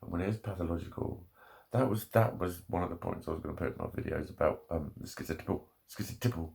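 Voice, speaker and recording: A man's voice: sits low, fast, vocal fry, a little mellow. A man delivering an angry, swear-filled vlog rant straight to the camera. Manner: heavy swearing, angry ranting. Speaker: vlogger. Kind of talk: ranting monologue.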